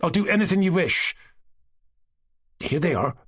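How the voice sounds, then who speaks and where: A man voicing a young male Cossack suitor who pleads earnestly, with a lively, husky voice. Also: high voice, a little slow, pitched above the performer's own voice, heavily acted. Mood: pleading.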